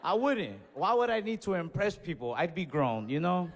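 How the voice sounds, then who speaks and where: A young man working a stand-up set from a stage mic, spinning stories with animated bursts and a slightly raised voice. The sound carries a long hall reverb with faint room ambience behind it. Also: high voice, normal speed, creaky, noisy background. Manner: animated storytelling with escalating outbursts. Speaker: stand-up comedian. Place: comedy stage before a live audience.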